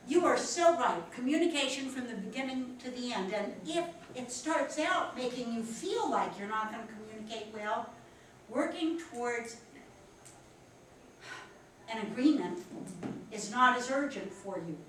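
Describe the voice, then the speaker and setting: Woman, Philadelphia accent, animated class instructor, recorded from across a big echoey room, faint room hum. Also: a little high, measured pace, far from the mic. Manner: animated, encouraging, talks with the class. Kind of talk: classroom teaching. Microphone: distant room mic.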